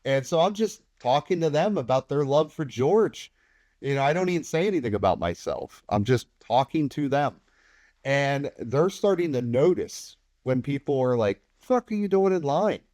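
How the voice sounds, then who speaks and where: A man talking casually as a podcast guest, telling stories with lively energy and slipping into other people's voices as he quotes them. His voice sits at an ordinary pitch, and the sound is dry and close, with no room echo. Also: normal speed. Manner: animated, acts out other people's remarks, swears casually. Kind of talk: casual anecdotal storytelling.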